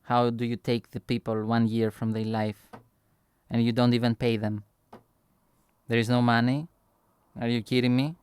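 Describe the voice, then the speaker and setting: A young man, telling a rambling, animated travel story on a vlog, full of filler words and sound effects. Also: mid-range voice, normal speed, pauses often, smooth, dry recording. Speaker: vlogger. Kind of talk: casual storytelling chat.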